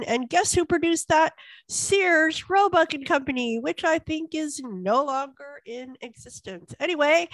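High-voiced playful woman host. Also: fairly bright tone, no room sound. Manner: playful, teasing. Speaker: co-host and facilitator. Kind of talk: casual online meetup hosting.

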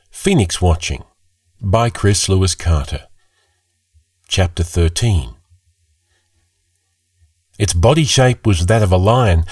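A man's voice: fairly low pitch, a little mellow, no echo, studio quality. A man narrating a fantasy story, reading steadily. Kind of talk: scripted narration.

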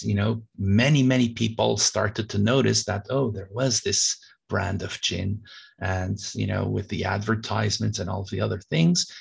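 Man, business lecturer, low voice, raspy, gravelly, explanatory. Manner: explanatory, many fillers. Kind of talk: recorded lecture.

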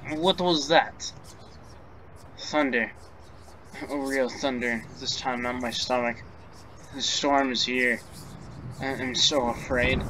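A man's voice: medium pitch, bright, forceful tone, a little hiss or hum, low-quality recording. A man voicing an anxious young woman composer in a game he reads aloud, stammering and fretful. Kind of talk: game dialogue read aloud.

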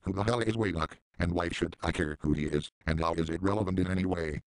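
Quick-paced and deadpan, this commentary channel host mocks his subject with sarcastic, profane remarks. His very low, smooth, resonant voice is captured close in a dry recording.

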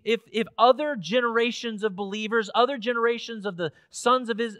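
A man's voice: very high-pitched, a bit bright, dry recording. A man preaching a sermon in a church, earnest and emphatic, often restarting phrases before building to strong peaks. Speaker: pastor. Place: church sanctuary.

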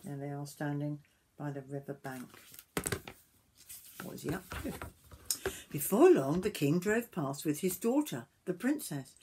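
An older woman reading a picture book aloud to children, gentle and stopping to point at the pictures. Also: low-pitched, lively intonation, unhurried, long pauses, noisy background. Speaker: storyteller grandmother.

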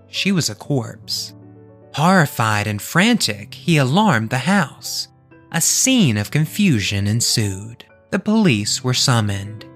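Man, podcast host, reading a classic tale, expressive, lively pitch, faint music behind.

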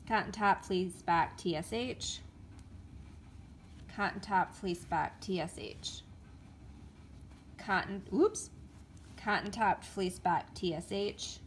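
A woman's voice: mid-range voice, slow pace, pauses often, slight background noise. A woman chatting casually to camera in a show-and-tell vlog, stumbling over names and filling gaps with ums. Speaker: vlogger.

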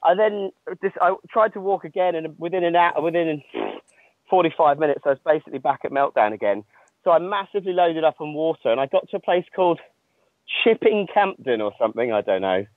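A man's voice: on the high side, animated, a little fast, no room sound. A man, an ultramarathon runner calling in from the trail, telling his story in a self-mocking, laughing way. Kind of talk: casual phone chat. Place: outdoors on a long-distance trail. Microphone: phone. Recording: dry tinny phone line.

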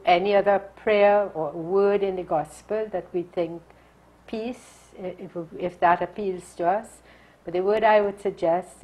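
A religious sister guides a meditation in a gentle, measured way. Her voice sits a little low and has a husky, breathy edge. She speaks slowly and deliberately. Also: low-quality recording. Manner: calm, slow and deliberate.

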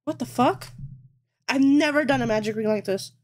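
Woman streamer crocheting, curses constantly, laughs at herself, kinda high voice. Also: moderate pace. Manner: thinks aloud, swears a lot, self-mocking. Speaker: livestreamer. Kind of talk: casual live-stream chat while crocheting.

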